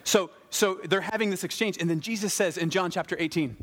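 A man preaching a sermon in a lively, conversational way, with wry asides. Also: sits high, brisk, hardly any pauses. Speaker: pastor.

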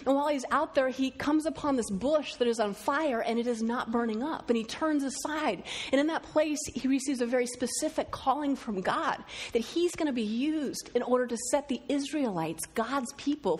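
Storytelling woman preacher, slightly high voice. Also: normal speed, hardly any pauses, slightly rough. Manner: storytelling, quoting others in lively voices. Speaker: speaker. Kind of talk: sermon.

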